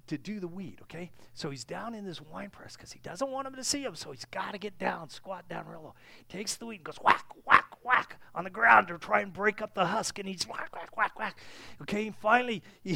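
Bright-voiced preacher telling a story. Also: mid-range voice, normal speed, vocal fry. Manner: animated storytelling with sudden swings from loud to hushed. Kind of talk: sermon.

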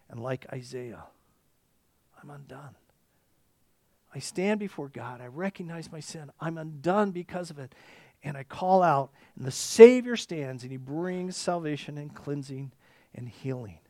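Impassioned preacher man, loud then hushed. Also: a little high, dry recording, clean studio sound. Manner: swings from loud impassioned cries to hushed near-whispers; reads scripture aloud, then speaks to the congregation directly. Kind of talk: sermon.

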